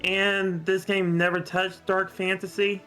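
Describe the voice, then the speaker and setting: A man's voice: high-pitched, flat delivery, unhurried, sharp tone, soft background music, poor audio. Offhand man talking from off-mic. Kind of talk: casual conversation.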